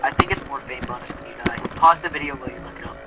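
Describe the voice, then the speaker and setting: A young man co-hosting a gaming video, joking and excitable and blurting out what he finds, while he has the hiccups. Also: medium pitch, racing, heavy background noise. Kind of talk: casual gameplay chat.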